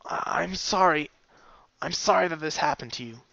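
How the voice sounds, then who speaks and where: A man voicing a grieving young female pegasus pony in a fan fiction reading, speaking quietly with a halting, breaking voice. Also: a little high, expressive, gravelly, dry recording, lo-fi sound, pitched above the performer's own voice, exaggerated voice. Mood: grieving, tearful. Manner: quiet, halting, broken speech. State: tearful, voice cracking.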